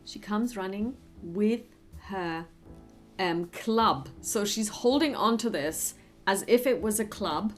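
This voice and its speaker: A woman's voice: medium pitch, slow pace, over music. A woman narrating a tabletop horror game as game master, friendly and hesitant, with many fillers.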